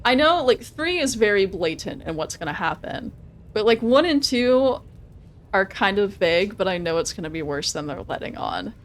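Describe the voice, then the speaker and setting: A woman's voice: mid-range voice, big pitch swings, moderate pace, slight background noise. A young woman live-streaming a video game, chatting casually, laughing often and reading game options aloud.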